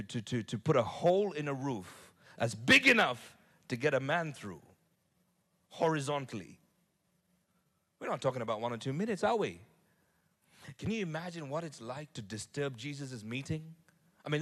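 A man preaching a sermon to his congregation, lively, repeating words and building to loud climaxes. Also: fairly high pitch. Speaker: pastor.

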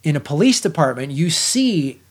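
A middle-aged man with a slightly high voice talks through a film review in an easygoing podcast chat. He is blunt and animated and swears freely. He often stops and restarts his sentences as his thoughts race ahead. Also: moderate pace.

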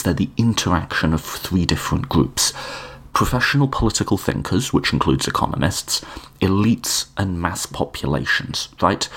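An English man talks through a lecture in a very low, husky voice. He thinks aloud as he goes, with many ums and restarts. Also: fairly bright tone. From England. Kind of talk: unscripted lecture.

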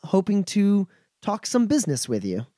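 A composed young noblewoman in a tabletop game, courteous and formal in her speech, pitched well above the man who puts her on. She is polite but does not back down. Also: huge pitch swings, normal speed, warm tone, no room sound, clean studio sound.

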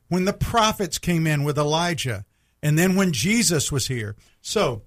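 Earnest radio Bible teacher. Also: male voice, a little high, fairly bright tone. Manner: earnest, plainspoken, asks questions to teach.

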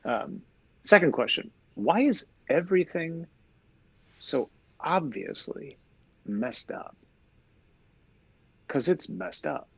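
A man who is a priest, explaining his faith in a lively conversational way, full of rhetorical questions. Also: fairly high pitch, slow, creaky, long pauses, husky, no echo. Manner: animated storyteller, rhetorical questions. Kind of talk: conversational teaching.

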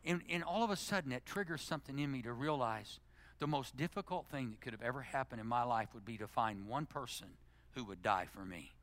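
A middle-aged male pastor delivering a sermon, swinging from loud, emphatic exhortation to hushed, intimate prayer. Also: medium pitch, fairly quick. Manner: animated preaching, climbing to loud emphasis then dropping to hushed, intimate prayer.

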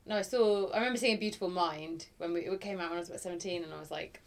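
Quick-talking woman joking in chat. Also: lowish voice, background noise. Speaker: podcast co-host. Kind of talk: casual chat.

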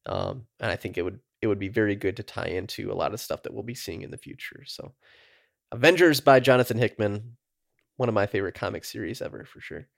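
A man's voice: fairly low pitch, quick pace, creaky, no room sound, studio quality. A man co-hosting a nerdy podcast, chatting casually and swearing freely. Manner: laid-back, swears casually. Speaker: podcast co-host. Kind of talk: casual chat.

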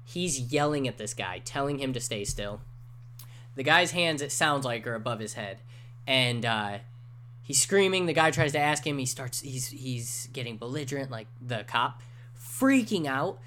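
A man's voice: medium pitch, expressive, normal speed, bright, forceful tone. Male podcast co-host, 20s, rambling storyteller, casual and profane, lots of fillers. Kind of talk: casual chat.

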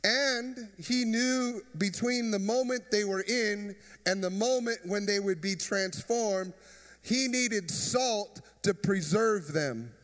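Pastor, male, high voice, casual joking sermon style, long church reverb. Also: slow, fairly bright tone. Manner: conversational preaching with jokes and crowd questions.

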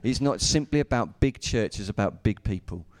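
A man's voice: on the low side, animated, normal speed, dry recording. A man preaching a sermon, emphatic and repetitive with humorous asides.

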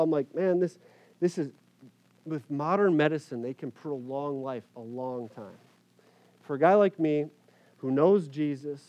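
A man who is a pastor, giving a personal faith testimony to an audience in an earnest, halting way, often repeating words and pausing on fillers. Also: medium pitch, a little mellow, no echo, poor audio.

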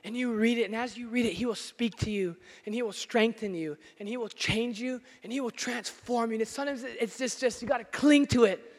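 A man preaching a sermon as pastor in a church, emphatic and at times nearly shouting. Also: extremely high pitch, fairly quick. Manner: emphatic, rising to near shouts. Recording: long hall reverb.

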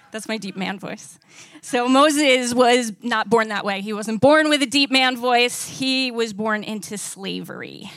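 A woman gives a sermon in a bright, somewhat high voice. She talks in a conversational way and keeps asking her audience questions. The recording is dry, with almost no room sound. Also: animated, unhurried, no room sound. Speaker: preacher.

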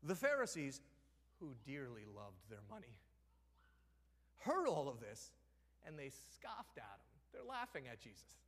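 A man preaching a sermon as a pastor, telling the story with animation, acting out the characters' lines and sometimes dropping to a hushed, near-whispered voice. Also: mid-range voice, wildly swooping pitch, unhurried, pauses often, long reverb tail. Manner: drops to a hushed, almost whispered voice for effect. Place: church sanctuary.

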